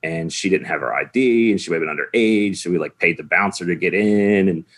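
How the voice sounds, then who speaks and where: A man's voice: sits low, a little fast, fairly bright tone. A man in his forties telling a rambling story in casual chat, full of "like" fillers.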